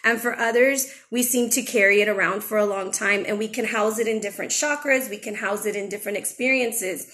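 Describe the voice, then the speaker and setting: A young adult woman talks through a tarot spread in a loose, chatty way. She is frank and a little emotional. Her voice sits somewhat high for a woman. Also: a bit bright. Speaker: tarot reader and channel host. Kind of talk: casual spiritual chat with tarot reading.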